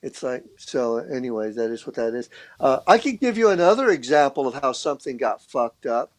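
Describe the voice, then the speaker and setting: A man's voice: mid-range voice, sing-song, brisk. A man guesting on a podcast, telling a story in casual, profane talk, full of restarts and acted-out quotes of other people. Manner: profane, rambling, with repeated restarts. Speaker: podcast guest, street artist.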